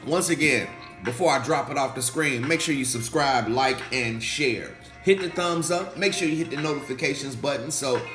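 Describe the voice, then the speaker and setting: A slightly hoarse man, a pastor hosting a faith livestream, talking casually and animatedly, repeating phrases and calling out to viewers in the chat. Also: a little high. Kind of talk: casual livestream preaching talk. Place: indoor room, livestream. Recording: echoey room with faint music.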